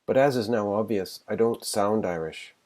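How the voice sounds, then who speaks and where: Mellow-voiced Canadian man reading a story. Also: on the low side, moderate pace. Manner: plain, friendly introduction, then steady storytelling. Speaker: writer reading his own story. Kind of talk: flash fiction reading.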